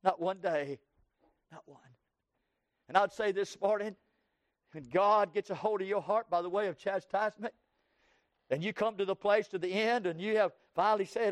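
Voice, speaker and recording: A pastor from Texas with a Southern US accent, preaching an impassioned sermon that swings from loud cries to hushed tones. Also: male voice, high voice, normal speed, pauses often, no echo, clean studio sound. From Texas, USA. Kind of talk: sermon with altar call.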